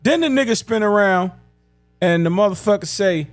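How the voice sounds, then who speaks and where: A man telling crude, profane comedy stories in street slang, with a drawn-out delivery, often breaking into laughter. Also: high-pitched, expressive, no echo. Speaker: stand-up comedian. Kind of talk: comedic storytelling.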